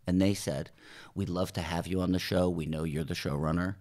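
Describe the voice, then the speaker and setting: A man's voice: deep voice, fairly even intonation, a little fast, darkish tone. A television showrunner from New Jersey, talking casually in an interview and acting out quoted dialogue as he tells his stories. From New Jersey, USA. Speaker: television writer and showrunner, podcast guest. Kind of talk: conversational interview storytelling.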